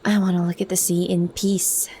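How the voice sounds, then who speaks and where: A woman voicing a brooding, bitter young man in a soft, meditative manner, as whispered role-play. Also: on the low side, flat delivery, moderate pace, slight background noise, lightly acted.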